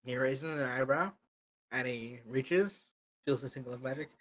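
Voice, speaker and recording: A man's voice: medium pitch, normal speed, a bit bright, low-quality recording. A man running a tabletop game as game master, narrating casually with some fillers.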